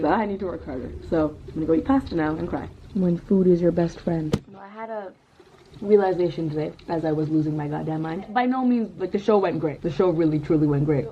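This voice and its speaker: A young woman venting in an emotional vlog rant, fast and self-critical, laughing through her upset. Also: mid-range voice. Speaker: vlogger. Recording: dull, slightly lo-fi with faint background noise.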